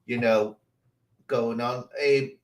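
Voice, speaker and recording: A man's voice: mid-range voice, steady tone, takes it slowly, poor audio. Teasing man hosting a livestream chat. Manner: sarcastic, teasing. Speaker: livestream host.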